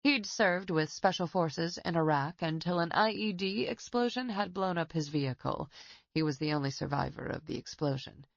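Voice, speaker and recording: A woman narrating a suspense audiobook in a steady, even reading. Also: fairly low pitch, moderate pace, creaky, dry recording, highs cut off. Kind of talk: scripted narration.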